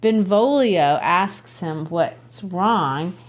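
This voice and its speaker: A woman from Brazil, hosting a podcast and casually explaining a play, chatty and quick to laugh. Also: lowish voice, animated. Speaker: podcast host. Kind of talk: literature lesson, casual explaining.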